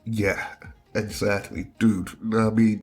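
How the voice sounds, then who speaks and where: Man, low husky voice, relaxed podcast banter, laughs a lot. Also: slow, faint music behind. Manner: laid-back, laughs often, trails off and restarts. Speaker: co-host, stand-up comedian. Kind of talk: casual podcast chat.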